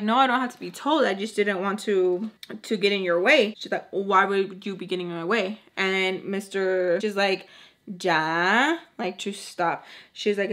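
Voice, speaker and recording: A young woman telling a storytime vlog casually, acting out other people's lines and mixing in Spanish phrases. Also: medium pitch. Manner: animated, acts out quotes in put-on voices, swears freely; mixes Spanish phrases into English. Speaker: storytime vlogger.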